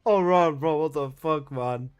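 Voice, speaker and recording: A young male streamer talks to his chat in a slightly raised voice, taking his time between bursts. He exclaims and swears freely, and laughter keeps slipping into his talk. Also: on the high side.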